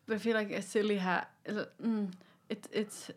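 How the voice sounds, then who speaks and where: A woman's voice: medium pitch, fairly even intonation, breathy edge. A woman co-hosting a podcast, chatting casually and teasing her co-host. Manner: teasing, quick to laugh. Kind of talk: casual chat.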